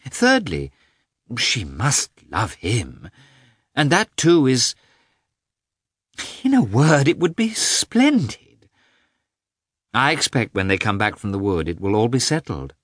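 A man voicing an excitable young Russian noblewoman who gushes eagerly in a storybook reading. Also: mid-range voice, takes it slowly, pauses often, no echo, studio quality, voice pushed up, full character voice. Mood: excited. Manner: breathless, gushing, eager.

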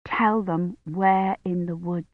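A woman doing a patient young woman in an audiobook, talking low and quiet, gently firm. Her voice stays hushed and calm, close to the reader's own. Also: slow pace, dry recording, narrow, tinny audio. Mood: gentle.

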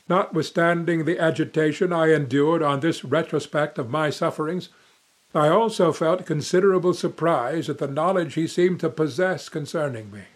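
Narrator: young man, slightly high-pitched, dramatic emotive reading of a classic novel. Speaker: audiobook narrator. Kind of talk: first-person audiobook narration.

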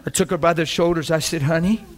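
A man's voice: on the high side, fast. A middle-aged man preaching a sermon, telling a story and acting out the dialogue.

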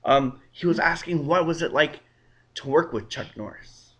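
A man's voice: fairly high pitch, normal speed, a bit bright. A man hosting a casual interview, upbeat and encouraging, with lots of short affirmations. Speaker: interview host.

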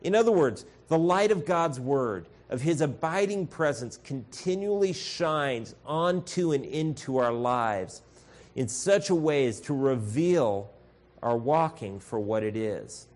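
A man's voice: medium pitch, animated, measured pace. A man preaching a sermon as pastor, earnest and direct, calling his listeners folks. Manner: earnest, addresses congregation as folks, acts out shouted voices.

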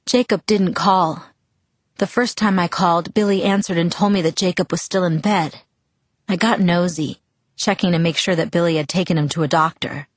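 A young adult woman reading a novel aloud in an even, calm first-person narration on a close mic. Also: on the low side, normal speed, no echo. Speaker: audiobook narrator. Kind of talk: audiobook narration.

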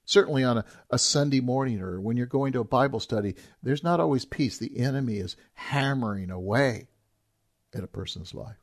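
A man's voice: mid-range voice, animated, a little fast. A man preaching a sermon as a pastor, talking in an earnest, emphatic way and repeating key phrases.

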